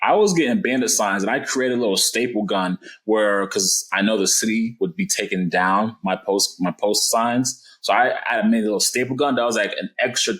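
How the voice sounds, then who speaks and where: A man's voice: fairly low pitch, moderate pace, hardly any pauses, low-quality recording. A man, a real estate investor guest, telling his story in a casual podcast interview and acting out the dialogue. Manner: animated, acts out dialogue in his stories.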